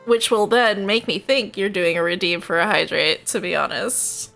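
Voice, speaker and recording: A woman's voice: mid-range voice, normal speed, creaky, fairly bright tone, faint music behind. A woman streaming a video game, chatting playfully with viewers, giggling and reading puzzles aloud. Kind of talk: casual let's play chat.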